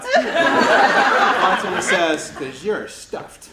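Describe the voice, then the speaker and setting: An improviser telling bar jokes on stage with deadpan punchlines. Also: medium pitch, slow pace. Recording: echoey hall, loud crowd and noise.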